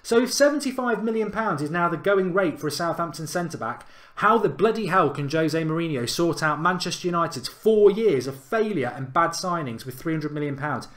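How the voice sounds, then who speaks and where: A man's voice: on the high side, expressive, a little fast, a bit bright. A man hosting a fan channel and delivering an emphatic, indignant football rant. He repeats his points for effect.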